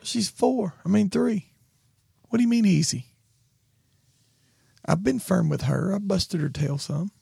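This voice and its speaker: A man's voice: high-pitched, a little slow, vocal fry, pauses often, warm tone, husky, no room sound, clean studio sound. A man co-hosting a podcast, telling stories in a wry, self-mocking way. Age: 40s. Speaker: podcast co-host. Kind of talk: casual chat.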